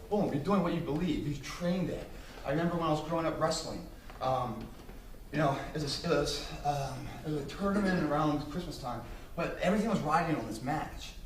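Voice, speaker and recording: A man's voice: fairly high pitch, slight background noise. Intense man speaking in an echoey hall. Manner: emphatic, intense, swears freely. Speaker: motivational speaker. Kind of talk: motivational speech to business students. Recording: echoey hall, distant mic, faint ambience.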